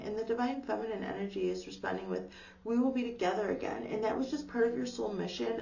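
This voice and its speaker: A woman giving a casual, gentle tarot reading, reassuring her viewers and filling her talk with "like". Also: mid-range voice, gravelly. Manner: gentle, reassuring, uses lots of "like". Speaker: tarot reader. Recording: echoey room, distant dull mic, faint hum.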